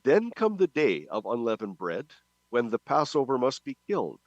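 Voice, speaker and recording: Man teacher, animated emphatic delivery, dry recording. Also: medium pitch, normal speed, no echo, lo-fi sound. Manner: emphatic, points things out. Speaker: Bible study teacher. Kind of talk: scripted teaching narration.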